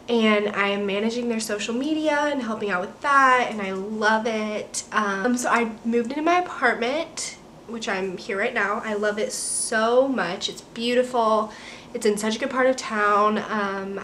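A woman's voice: medium pitch, pushed and bright, slight background noise. Bubbly young American woman vlogging. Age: young adult. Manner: bubbly, rambling, heavy use of "like" and "um". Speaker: vlogger, college student studying abroad. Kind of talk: casual chatty vlog update. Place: her apartment, indoors.

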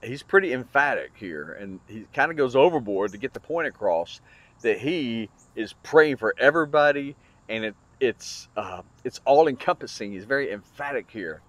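A man's voice: medium pitch, expressive, normal speed, no room sound. Guy doing a bible study lesson, earnest, explains stuff with little restarts, dry close sound. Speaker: Bible teacher.

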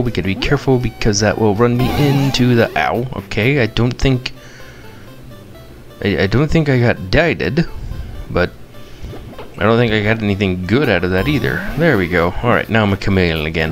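A man commentating his mobile game playthrough, playful and excitable, chanting silly eating noises and squealing high at surprises. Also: moderate pace. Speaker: gamer. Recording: game music behind.

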